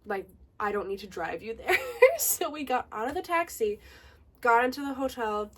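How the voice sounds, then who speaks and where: A young woman vlogger telling a story in a casual get-ready-with-me video, chatty and animated, with lots of "like". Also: a little high, moderate pace, distant mic.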